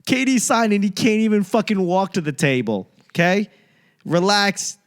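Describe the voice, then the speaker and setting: A man from the United States hosts his own comedy podcast, ranting through profane tangents with jokey asides. His voice sits a little higher than most men's. He rambles loosely and wanders off topic. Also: sing-song, normal speed, smooth. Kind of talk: rambling solo podcast monologue.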